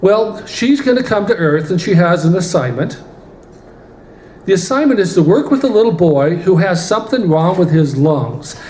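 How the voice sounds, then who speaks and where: A man telling a story from the pulpit in an animated way in a church. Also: sits high, normal speed, a little hiss or hum. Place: church sanctuary. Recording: roomy church hall, faint ambience.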